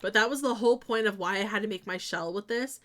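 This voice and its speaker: Young woman streamer, casual chat while building, giggly, excitable, mid-range voice, keyboard clicks behind. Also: mid-range voice, fast. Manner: chatty, giggly, bursts of excitement.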